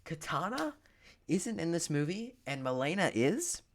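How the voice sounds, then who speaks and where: A man's voice: a little high, very animated, measured pace, a little hiss or hum. A young man giving a profane, sarcastic movie recap, full of filler words and swinging between mutters and outbursts. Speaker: movie reviewer.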